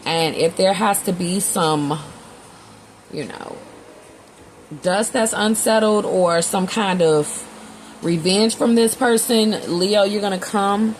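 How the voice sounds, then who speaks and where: A fairly low-pitched woman gives an informal tarot reading, frank and slangy with plenty of swearing, performing both voices of each exchange in quotes. The audio is poor, with a little hiss or hum.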